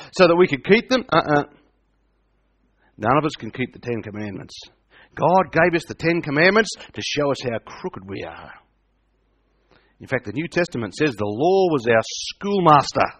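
A man preaching with emphasis, his voice sitting a little high for a man. He repeats his key lines and throws questions at the congregation. He sounds middle-aged. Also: fairly bright tone. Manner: emphatic, repeats points, asks the audience questions. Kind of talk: sermon.

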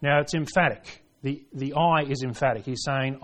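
A man preaching a sermon, reading scripture aloud and driving points home, swinging between hushed lines and forceful ones. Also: mid-range voice, normal speed. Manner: reads scripture aloud in King James wording.

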